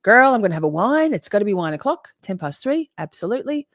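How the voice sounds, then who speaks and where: A woman's voice: mid-range voice, very animated, quick pace, dry recording, clean studio sound. A woman hosting a live stream, reading chat aloud and talking back in a casual, emotional, sweary way. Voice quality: swears freely, emotional and chatty. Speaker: livestream host reading chat.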